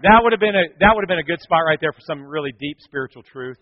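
A male pastor with a high voice preaches a sermon, moving between loud bursts and near-whispers as he tells his story. The sound is dull and a little muffled, and a long reverb trails behind him as in a big sanctuary. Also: fast. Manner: animated storytelling with dramatic swings in volume.

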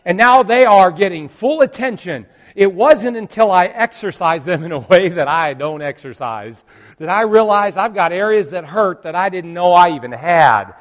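A pastor with a high voice preaches with animated storytelling and acts out his groans. His voice rings with a long reverb in a church hall. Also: normal speed. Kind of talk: sermon.

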